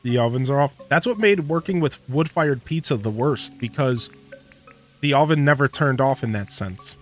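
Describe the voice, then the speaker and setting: Soft background music plays under a man with a mid-range voice speaking at normal speed. Streaming a farming game, he rambles through a casual story, full of fillers and laughter, as gameplay commentary.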